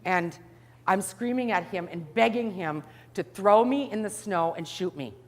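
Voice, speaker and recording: A middle-aged woman telling a story to an audience in an animated way, acting out the scenes. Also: mid-range voice, unhurried, long reverb tail. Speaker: speaker.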